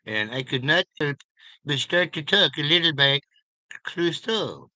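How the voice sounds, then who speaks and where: A man's voice: on the high side, animated, moderate pace, bright, forceful tone, no room sound. A man chatting casually with his viewers, telling loose, profane stories and chuckling along as he rambles.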